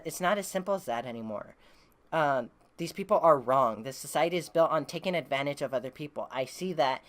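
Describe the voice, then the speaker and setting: A woman's voice: sits low, natural voice. A woman reading a comic aloud, voicing a stern male leader who lectures a comrade.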